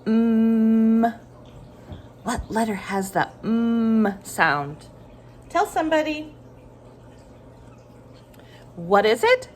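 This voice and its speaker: A woman teaching a phonics lesson to young children, slow and sing-song, giving encouraging prompts and pausing for answers. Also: a little high, big pitch swings, slight background noise.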